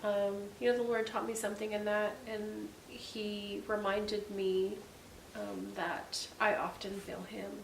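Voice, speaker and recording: A woman's voice: medium pitch, flat delivery, measured pace, creaky, few pauses. A woman in her forties co-hosting a casual faith-based chat, telling stories in a chatty way with many ums. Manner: chatty, warm-hearted storytelling with many ums. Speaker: podcast co-host. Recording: echoey room, distant mic, faint hiss.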